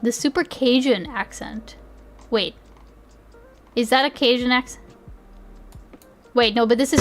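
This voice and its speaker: A woman's voice: a little high, a little slow, pauses often, faint music behind. A woman streamer reacting live to videos, giggly and rambling, with lots of fillers.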